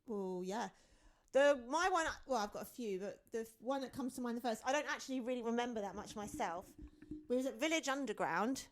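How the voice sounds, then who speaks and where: A woman co-hosting a podcast in casual chat, telling a story in a relaxed way and throwing in dry, teasing quips. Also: a little high, brisk. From England. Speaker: podcast co-host.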